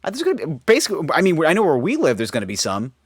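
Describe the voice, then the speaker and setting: A man's voice: fairly high pitch, wildly swooping pitch, racing, slightly rough, no room sound, clean studio sound. A man co-hosting a podcast, talking casually and animatedly, often jumping in and swearing now and then. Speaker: podcast co-host. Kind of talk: casual chat.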